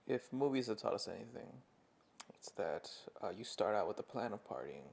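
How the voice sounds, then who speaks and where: A man's voice: big pitch swings, moderate pace, gravelly, darkish tone, breathy edge. Young man, podcast co-host, dry sarcastic delivery, casual chat. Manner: dry, sarcastic, low-key.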